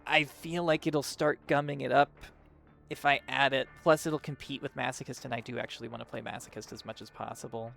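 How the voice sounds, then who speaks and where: A man's voice: medium pitch, fairly even intonation, brisk, vocal fry, fairly bright tone, faint music behind. A man giving casual let's-play commentary, chatty and a bit profane, laughing at himself. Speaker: game streamer.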